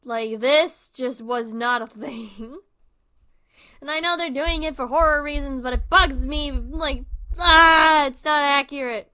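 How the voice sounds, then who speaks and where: A woman's voice: high voice, unhurried, pushed and bright. A woman hosting a livestream, giving casual, rambling reaction commentary full of fillers into a close microphone. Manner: chatty and rambling, many fillers. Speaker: livestream host.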